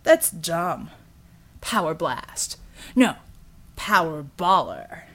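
A woman's voice: on the low side, big pitch swings, very slow, exaggerated voice. A woman voicing a big, dim-witted young male metahuman who blurts things out eagerly. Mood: eager dopey.

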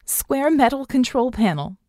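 Woman doing a hoarse young hacker woman, urgent, yelling, dry sound. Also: mid-range voice, lively intonation, moderate pace, no room sound, lightly acted.

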